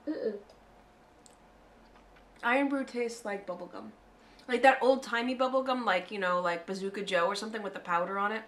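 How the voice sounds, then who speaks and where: An American woman co-hosting a relaxed chat at a mid-range pitch. She is playful and chatty, tossing off asides and laughing easily. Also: moderate pace, pauses often. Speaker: co-host. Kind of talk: casual chat.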